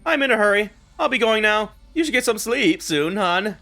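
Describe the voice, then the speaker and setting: A man voicing a weary teenage girl who mutters flatly and curtly while reading a game aloud. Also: high-pitched, moderate pace, pitched above the performer's own voice, full character voice. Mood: listless. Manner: flat, lifeless mutter.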